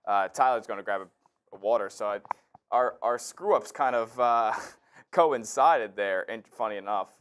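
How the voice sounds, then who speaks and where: A man's voice: fairly low pitch, a little slow, fairly bright tone, slight background noise. A man co-hosting a live sports stream, chatting casually, laughing and reading out messages from viewers. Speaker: co-host.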